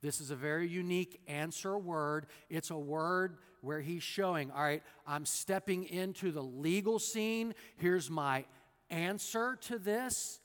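A man with a notably high voice preaches a sermon, explaining the text in a conversational teaching manner. He drops wry asides and puts questions to listeners by name. His voice rings out with a long hall reverb. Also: unhurried, fairly bright tone. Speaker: pastor.

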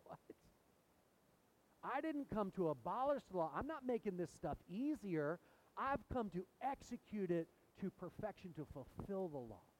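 A man's voice: high voice, measured pace, slight background noise, rough recording. A man preaching a sermon in a church, asking the congregation questions as he goes. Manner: animated, asks the congregation questions. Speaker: pastor. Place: church sanctuary.

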